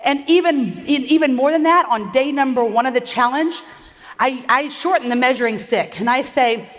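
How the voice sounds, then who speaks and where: A woman with a high, bright-sounding voice delivers an energetic stage presentation, talking quickly and firing questions at the crowd. She sounds slightly out of breath. Her voice rings with long reverb from a large event hall. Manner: fast, upbeat, rallies the audience with questions. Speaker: conference speaker.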